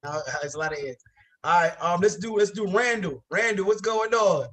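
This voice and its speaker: A man co-hosting a live webinar over a video call, calling on participants in a relaxed, easygoing way and repeating himself. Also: sits high, moderate pace. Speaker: webinar co-host. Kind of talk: casual live-call moderating.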